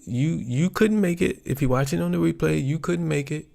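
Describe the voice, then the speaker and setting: A man hosting his livestream in a relaxed, rambling way, often pausing to search for words. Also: fairly high pitch, vocal fry. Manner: rambling, chatty, searches for words with many ums. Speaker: YouTube livestream host. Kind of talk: casual livestream chat.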